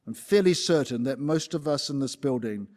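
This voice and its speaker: A man's voice: mid-range voice, expressive, normal speed, a little mellow. A man preaching a sermon in a church, emphatic and building up repeated rhetorical lists.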